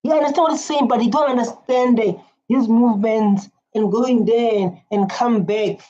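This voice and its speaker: A woman giving casual, animated reaction commentary on a video, repeating herself and teasing what she sees. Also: on the high side, normal speed. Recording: dull lo-fi sound.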